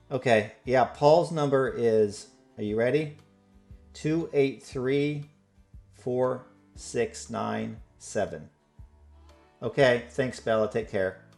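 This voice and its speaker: A man's voice: lowish voice, darkish tone, voice pushed up, close to an everyday voice. A man voicing a chatty, snide woman bartender who gossips about locals.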